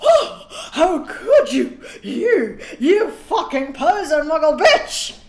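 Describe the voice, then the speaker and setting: A woman voicing a furious, sobbing teenage boy wizard who shouts curses, read aloud from a fan story. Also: very high-pitched, sing-song, slow pace, reverberant, voice pushed up, exaggerated voice.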